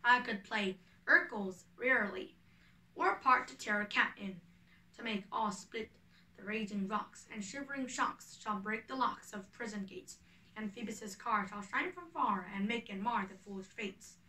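Woman reading bragging male weaver, showy amateur actor, bright voice, echoey room, distant from mic. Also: medium pitch, lively intonation, unhurried. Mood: boastful. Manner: boastful and eager.

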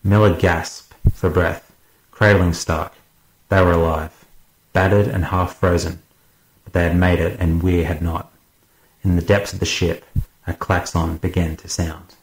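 A man narrating an audiobook as a guest reader, in a measured, steady way. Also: deep voice, roomy sound, a little hiss or hum, poor audio.

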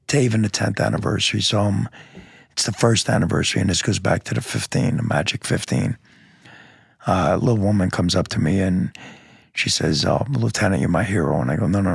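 Gravelly, husky man telling a blunt story. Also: lowish voice, no room sound, clean studio sound. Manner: earnest, blunt, plainspoken with mild cursing. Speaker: police lieutenant guest. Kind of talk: candid interview storytelling.

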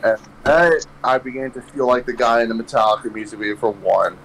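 A man's voice: medium pitch, fairly even intonation, a little fast, a bit bright, a little hiss or hum, low-quality recording. A young man hosting a podcast, telling a rambling story full of swearing and laughing at his own jokes. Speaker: podcast host. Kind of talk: casual storytelling chat.

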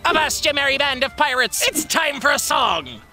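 A woman's voice: high-pitched, normal speed, bright, forceful tone, faint music behind. A woman voicing a boisterous male pirate captain in a cartoon, full of pirate talk and shanty singing. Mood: jolly. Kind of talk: cartoon voice acting.

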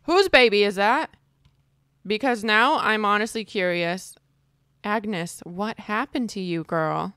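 A young woman giving casual let's-play commentary, chatty and excitable, squealing at cute moments. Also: mid-range voice, takes it slowly, clean tone, no echo, clean studio sound. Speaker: gaming video creator.

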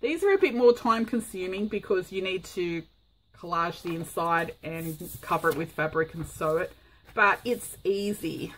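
A woman's voice: on the low side, animated, normal speed, a bit bright, a little hiss or hum, low-quality recording. A woman vlogging a casual crafting tutorial, chatty and rambling with frequent ums.

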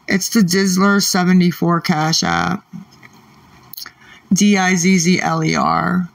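Irritable gravelly-voiced man muttering at chat. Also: sits high, steady tone, slow pace, long pauses, fairly bright tone. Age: adult parent. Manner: irritable, snapping back at commenters; mutters and repeats himself. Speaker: livestreamer reading chat. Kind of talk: late-night live stream chat.

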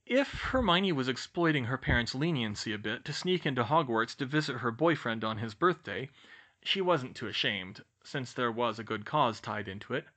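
A man reading a fan fiction audiobook aloud in steady storytelling narration. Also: moderate pace. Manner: steady storytelling, lively pitch. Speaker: audiobook reader.

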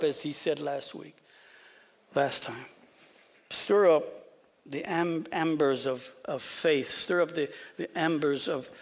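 A pastor preaching an animated sermon, often repeating words and dropping to a whisper for emphasis. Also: male voice, a little high. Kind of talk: expository sermon.

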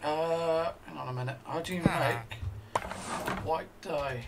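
A man's voice: a little high, moderate pace, gravelly, heavy background noise. A man giving casual commentary as he plays a game, thinking aloud to himself. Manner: chatty, thinks aloud while playing. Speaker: let's play host.

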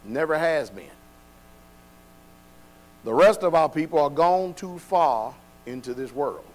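A man preaching a sermon, dropping to quiet, low passages and then building to loud, shouted exhortation. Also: lively intonation, slow pace, low-quality recording.

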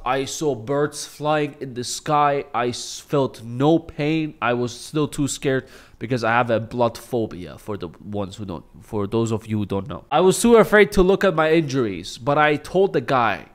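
A man's voice: medium pitch, fairly bright tone. A young man casually telling a storytime vlog, joking and swearing as he talks. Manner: laid-back, swears, jokes and self-deprecates. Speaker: vlogger.

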